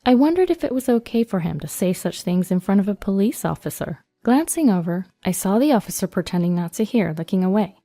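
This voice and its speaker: A woman narrating a first-person story in an even, measured reading. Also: mid-range voice, no room sound.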